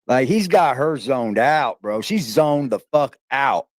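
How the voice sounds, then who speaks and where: A man's voice: medium pitch, animated, slow pace, dry recording, studio quality. Sick, slangy male livestreamer. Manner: crude, slangy, swearing. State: sick and low on energy. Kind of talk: livestream chat.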